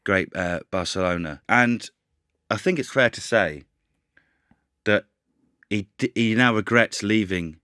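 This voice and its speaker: A man guest-hosting a football podcast, telling an animated story in casual chat and swearing freely. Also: fairly low pitch, a little slow, pauses often, clean tone, no echo, clean studio sound.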